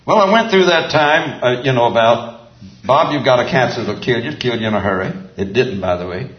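A man's voice: medium pitch, a little fast. An older man preaching a sermon to a men's group, folksy and chuckling, drawing out emphatic repeated phrases. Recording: roomy, dull lo-fi sound.

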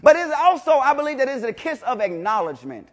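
Preaching to a congregation, this man talks fast with big swings in pitch. He repeats himself emphatically, alternates booming declarations with quiet, intense passages, and poses rhetorical questions.

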